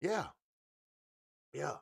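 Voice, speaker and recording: A man's voice: extremely slow, no room sound, studio quality. A man ranting as a hip hop blogger, heated and profane, repeating himself for emphasis. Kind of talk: ranting commentary.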